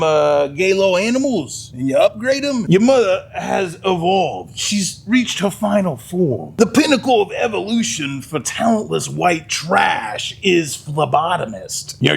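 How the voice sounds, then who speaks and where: Man doing a gravelly, ranting divorced dad. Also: fairly high pitch, exaggerated voice. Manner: crude, ranting, exasperated, swearing. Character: angry bitter divorced middle-aged dad, crude. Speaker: comedic POV character sketch. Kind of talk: comedy sketch monologue.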